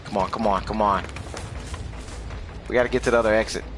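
Over music, a male gaming host gives eager live play-by-play, trash-talking opponents and laughing a lot. His pitch is fairly low and he talks fairly quickly.

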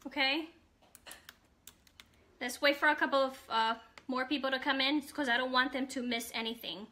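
A woman's voice: high voice, steady tone, moderate pace, sharp tone. A woman hosting a casual live stream, greeting viewers and chatting with lots of ums.

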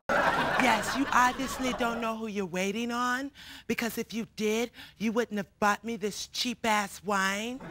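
Actress doing a rude stuck-up girlfriend, slow and insulting, loud stage noise. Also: a little high. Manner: haughty, insulting, drawn-out delivery. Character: snobby, rude mob boss's girlfriend. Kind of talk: live sketch comedy acting.

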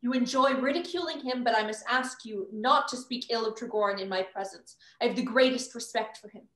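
A woman's voice: on the high side, a little fast, fairly bright tone, natural voice. A young actress playing a proud, theatrical stage-star mother whose grand scolding turns tender, performed over a video call. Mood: haughty. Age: young adult. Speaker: student actor.

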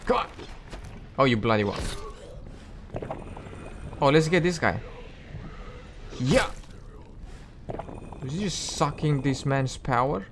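A man's voice: mid-range voice, lively intonation, slow, pauses often, background noise. A man giving casual, reactive commentary while playing a video game, exclaiming and laughing at himself. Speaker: gameplay video host.

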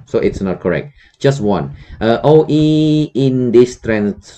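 A man with a Cambodian accent teaching a language lesson, saying words slowly and repeating them for learners. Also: low voice, expressive, warm tone. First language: Khmer.

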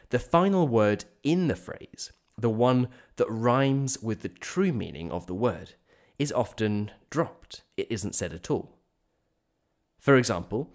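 A man hosting an English-learning podcast, reading a clear scripted explanation and slowing down on examples. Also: fairly low pitch. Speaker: podcast host teaching English. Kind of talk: scripted educational narration.

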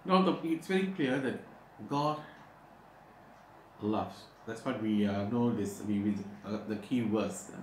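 A man preaching a sermon, pausing often with "uh" and slowing down to stress scripture verses. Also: fairly low pitch, a little mellow. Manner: halting, with frequent "uh" pauses. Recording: echoey room, faint background noise.

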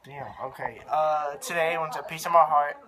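A man's voice: fairly high pitch, fairly even intonation, moderate pace, very noisy. A young man in college, vlogging casually from his dorm room in a laid-back, slangy way, laughing often. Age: young adult. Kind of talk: casual rambling vlog.

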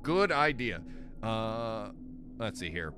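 A man's voice: lowish voice, very animated, slow pace, music in the background. A man streaming a horror game, joking and rambling, sometimes reading the game's text aloud. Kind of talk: casual game stream chat.

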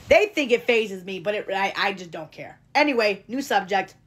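Talking to her livestream chat, she has a medium-pitched, expressive voice, a moderate pace and hardly any pauses, with a little hiss or hum audible. Casual yet earnest, she keeps telling viewers to ignore online hate, repeating points and checking in with "okay?"

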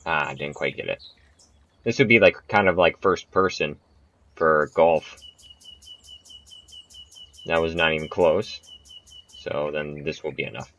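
Low-voiced young man narrating his golf game. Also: measured pace, long pauses, fairly bright tone. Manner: chatty, self-mocking, laughs at his misses. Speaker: gaming channel host. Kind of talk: casual gameplay commentary. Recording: muffled, dry home recording.

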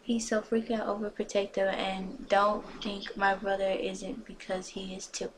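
Woman reading a story aloud, slow and halting, chatty asides, faint background noise. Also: mid-range voice, little pitch movement. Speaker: reader.

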